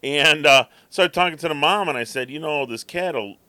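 A man's voice: fairly high pitch, normal speed, bright, forceful tone, no room sound. A man co-hosting a podcast, telling a rambling story in casual chat and acting out his cat's thoughts. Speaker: podcast co-host.

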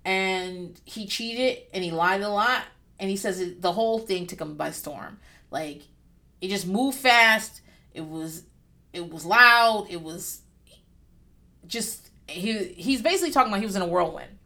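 A woman giving casual reaction commentary on a TV show, candid and profane, with lively asides. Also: mid-range voice, measured pace. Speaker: vlogger.

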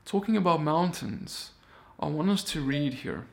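A man preaches in an easygoing, conversational way, his voice sitting somewhat high for a man. He often restarts his phrases, then climbs into loud, fervent stretches before settling back down. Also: sing-song, a little slow, vocal fry. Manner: earnest, builds to loud impassioned peaks, many restarts. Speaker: teacher of the weekly Torah portion. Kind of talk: casual sermon.

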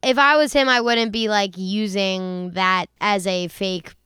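Podcast host, woman, smooth clear voice, dry close sound, loose chatty delivery. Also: mid-range voice, steady tone, a little slow, sharp tone, no echo. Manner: chatty, lots of fillers, swears freely. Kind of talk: casual chat.

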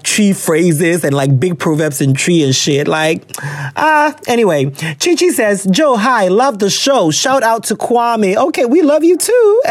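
A man with a high-sitting voice and no echo hosts a podcast, chatting casually and reading listener letters out loud. He laughs often and drifts into slang.

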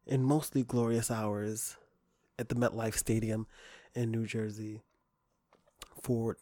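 A man hosting a comedic podcast, hoarse with his voice nearly gone, joking and self-mocking. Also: medium pitch, no echo, clean studio sound. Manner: jokey, playful, self-mocking. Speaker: podcast host.

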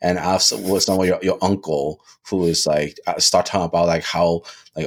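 A man talking casually on a podcast, animated, restarting phrases and often asking "right?". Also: deep voice, normal speed, few pauses. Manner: animated, repeats words, lots of "right?". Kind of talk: casual discussion.

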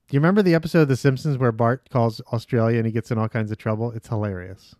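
A man co-hosting a podcast in casual chat, chatty and rambling, quick to laugh. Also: medium pitch, mellow, dry recording, studio quality. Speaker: podcast co-host.

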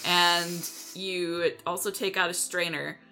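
A woman on a casual podcast panel, rambling through a silly story with giggles and quick acted-out voices. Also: fairly low pitch, little pitch movement, sharp tone, faint music behind.

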